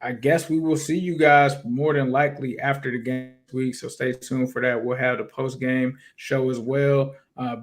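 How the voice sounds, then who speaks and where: Laid-back male sports podcast host. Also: medium pitch. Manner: brief affirmations, laid-back sign-off plugs. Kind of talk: casual sports talk.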